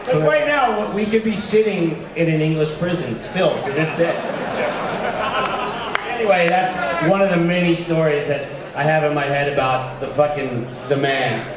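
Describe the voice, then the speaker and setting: A high-voiced man tells a story with animation, swearing and acting out every quote. He is heard from far off in a very echoey room, with a crowd and steady noise behind him. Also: moderate pace. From New York. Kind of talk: telling an anecdote.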